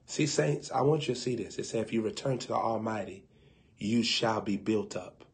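A man preaching on a live broadcast, telling a funny story in a colloquial way. He laughs at his own jokes and swings between loud bursts and hushed asides. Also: on the low side, moderate pace. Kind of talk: humorous sermon storytelling.

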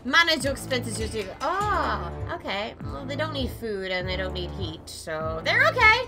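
Woman, let's play commentary, lively swooping pitch, fairly high voice, profane, shouted mock commands, halting reading aloud. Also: over music. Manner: swears freely, yells mock-official orders at characters; reads on-screen text aloud haltingly. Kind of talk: casual game commentary.

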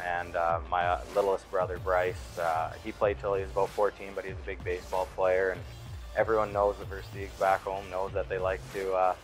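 A young man giving a relaxed interview as a hockey player, rambling with lots of fillers and restarts. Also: low-pitched, a little fast, soft background music, poor audio. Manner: laid-back, rambling, many fillers and restarts. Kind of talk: casual interview chat.

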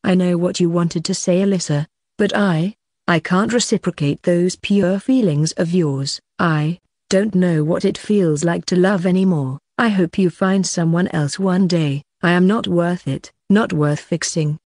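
Narrator reading a gentle female fleet commander. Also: mid-range voice, a little slow, no room sound, studio quality. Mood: tender. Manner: gentle, reassuring.

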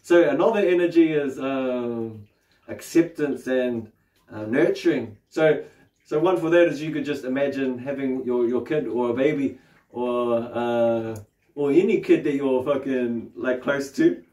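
Picked up by a distant mic in a roomy space, this mellow, mid-range voice moves a little slowly. It belongs to a New Zealander leading a meditation session in an easygoing way, cursing without hesitation and adding questions to the ends of his sentences.

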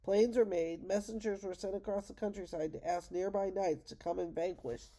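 An older woman, a grandmother, reading a children's storybook aloud in a gentle, measured way. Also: medium pitch, steady tone. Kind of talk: read-aloud storybook narration.

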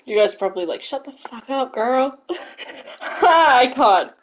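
A woman streaming a game live, talking to her viewers in a high, bouncy voice. She chats casually and gushes with excitement, her pitch swinging all over. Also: unhurried, a little hiss or hum, rough recording. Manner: gushing, excitable, thanks followers. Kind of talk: casual live-stream chat while playing.

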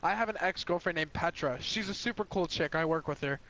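A man's voice: a little high, brisk, a little hiss or hum, poor audio. A young man chatting casually with a friend over voice chat while gaming, telling a story with lots of laughter and swearing. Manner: laughs often, animated storytelling, swears a lot.

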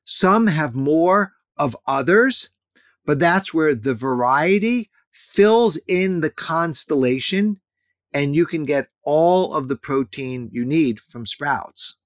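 A man's voice: a little high, lively intonation, slow pace, dry recording. Man, fifties, interview guest, emphatic, dry close sound. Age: 50s. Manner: earnest, emphatic, repeats key points. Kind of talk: interview conversation.

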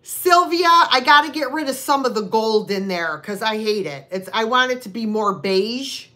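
A woman's voice: fairly high pitch, lively intonation, moderate pace, pushed and bright. A woman hosting a live online sale, chatting casually with buyers and making rambling, self-deprecating asides. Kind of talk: casual live-stream selling chat.

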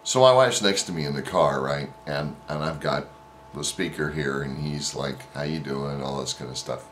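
A man's voice: very deep voice, normal speed, a bit bright, slight background noise. A man vlogger casually telling an anecdote in a rambling way, with many fillers and restarts. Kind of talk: casual storytelling.

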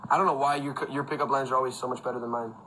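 A man's voice: mid-range voice, steady tone, rapid-fire, sharp tone, a little hiss or hum, low-quality recording. A young man hosting a casual phone livestream from home, talking loosely with lots of fillers and frequent laughs. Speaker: livestream host. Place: indoors at home with a fan.

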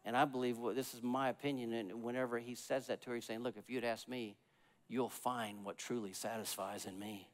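A man preaching a sermon as pastor, swinging between loud emphatic swells and quiet, low passages. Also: little pitch movement, a little fast. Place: church sanctuary. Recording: long church reverb.

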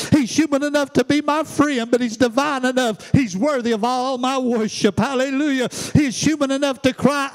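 A male pastor delivering a sermon in a rhythmic preaching cadence, with repeated refrains and calls of hallelujah. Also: very high-pitched.

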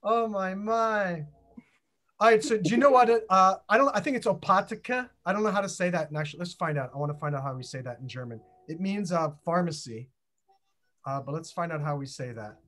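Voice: mid-range voice, fast talker, fairly bright tone. A host leading a group through a casual chat on a video call, playful and full of questions.

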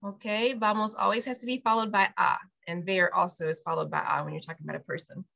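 Bright-voiced woman teaching Spanish. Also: medium pitch, fairly even intonation, fast, creaky. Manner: explains step by step, repeats phrases after the teacher. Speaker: preschool director teaching Spanish to parents. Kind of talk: online Spanish lesson for parents. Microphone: video call.

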